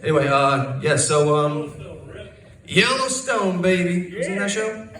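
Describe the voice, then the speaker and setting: A man's voice: high-pitched, measured pace, fairly bright tone. A young man doing a loose, rambling stand-up set with crowd work, swearing freely. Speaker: stand-up comedian. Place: comedy club stage. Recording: roomy club, crowd laughter, distant capture.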